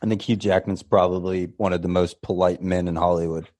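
A man's voice: deep voice, level tone, fairly quick, darkish tone, no room sound. A man co-hosting a casual podcast, rambling with restarts and casual swearing as he gives his opinions. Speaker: podcast co-host. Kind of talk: casual chat.

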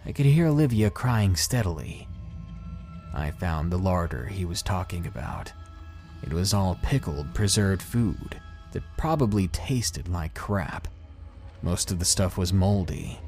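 A man narrating a first-person story in a dramatic, expressive storytelling manner. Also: low-pitched, measured pace, faint music behind.

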